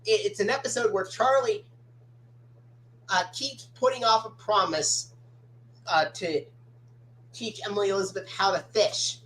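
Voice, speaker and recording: A woman hosts a casual chat stream and talks slowly, in a halting way. She keeps a middle pitch. A faint hum sits behind her voice. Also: fairly bright tone, low-quality recording. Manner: halting, with fillers and restarts. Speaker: stream host.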